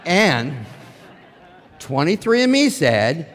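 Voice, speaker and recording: Brief: animated man, humorous testimony storyteller, hall reverb. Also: medium pitch, moderate pace. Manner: animated storytelling with acted-out quotes. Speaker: testimony speaker.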